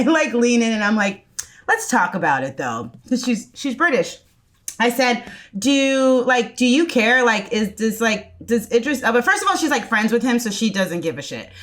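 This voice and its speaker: Woman co-host, fairly high voice, loose animated storytelling with swearing. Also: moderate pace. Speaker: podcast co-host. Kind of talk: casual chat.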